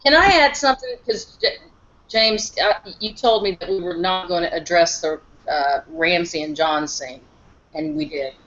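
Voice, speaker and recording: A woman's voice: on the low side, normal speed, fairly bright tone, muffled recording. A middle-aged woman chatting animatedly as a guest, addressing the others directly. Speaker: guest panelist, the host's mother. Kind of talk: casual discussion.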